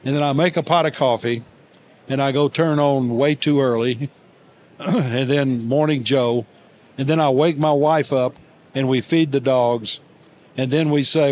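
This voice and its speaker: Older man, interview guest, halting storytelling, many fillers and restarts, dry gentle humor, faint background hiss. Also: mid-range voice, fairly even intonation.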